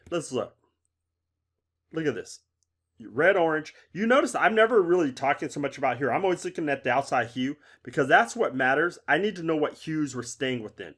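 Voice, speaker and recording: A man's voice: medium pitch, a bit bright. A middle-aged man giving a casual art lesson on color, talking conversationally and often checking in with "right?". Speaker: art instructor.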